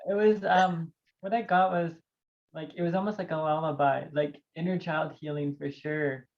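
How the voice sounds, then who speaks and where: A woman's voice: low-pitched, fairly even intonation, moderate pace, muffled recording. A woman in a group session telling her experience in a chatty way, with many fillers. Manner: chatty, lots of likes, laughs often. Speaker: circle member sharing an experience. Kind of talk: casual sharing.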